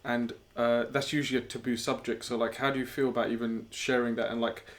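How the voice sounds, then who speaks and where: A man hosting a podcast in a casual interview style, who mostly gives short agreeing replies and asks gentle questions. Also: medium pitch, level tone, fast. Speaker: podcast host.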